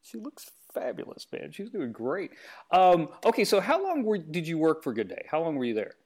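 A man's voice: fairly high pitch, normal speed. A man hosting a casual chat, telling funny stories and imitating the people in them. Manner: lively anecdote telling, imitating voices. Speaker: host.

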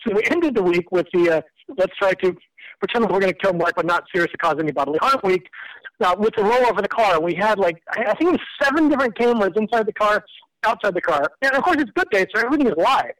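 A man in his forties, a guest on the line, telling old workplace stories in a quick, animated way with laughs. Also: sits high. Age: 40s. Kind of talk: casual storytelling interview. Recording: distant, phone-like audio.

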